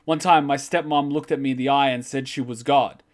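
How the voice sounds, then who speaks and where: Man telling a wild story, swearing freely. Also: a little fast. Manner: animated, profane, gets louder and higher when excited. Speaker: anime reaction channel host. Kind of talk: casual storytelling to camera.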